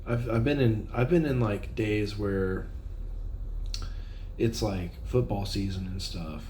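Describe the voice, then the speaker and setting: A man's voice: lowish voice, slow pace, dark tone, slight background noise. A man co-hosting a casual podcast, telling a story in a laid-back, rambling way with lots of swearing and filler words. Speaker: podcast co-host. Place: informal home podcast setup.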